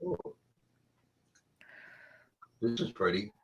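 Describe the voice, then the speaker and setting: A man on a video call from home late at night, halting and clearing his throat with a frog in his throat. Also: poor audio. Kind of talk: casual chat on a call.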